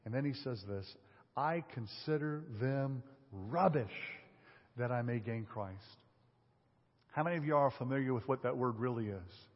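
A male pastor preaching a sermon, asking the congregation rhetorical questions and swinging between loud emphasis and a hushed voice. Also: mid-range voice, brisk. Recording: lo-fi sermon audio with long hall reverb.

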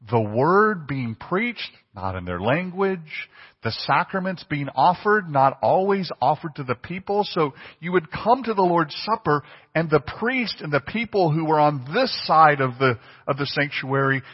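Pastor, man, slightly high husky voice, chatty sermon style with questions to the pews, long-reverb church room. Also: big pitch swings, measured pace. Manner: conversational preaching, asks the congregation questions. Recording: long reverb, dull lo-fi sound.

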